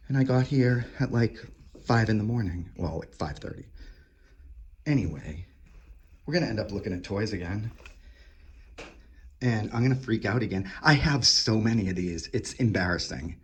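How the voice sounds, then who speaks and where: Gushing low-voiced man exploring. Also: moderate pace, long pauses, husky. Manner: gushing, rambling, swearing, drops to whispers. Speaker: urban explorer and toy collector. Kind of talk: excited exploration vlog. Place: dark abandoned daycare, indoors.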